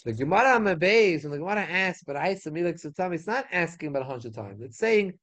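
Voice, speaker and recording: Rabbi teaching a Talmud class in a synagogue study hall; high for a man, lively, repeats himself, rhetorical questions. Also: fairly quick. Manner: animated, repeats phrases, asks rhetorical questions. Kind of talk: Torah class lecture.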